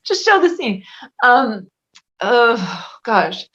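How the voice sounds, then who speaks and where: A woman's voice: on the high side, moderate pace, a bit bright. A woman guest in a casual interview, talking chattily and laughing often. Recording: dull lo-fi audio.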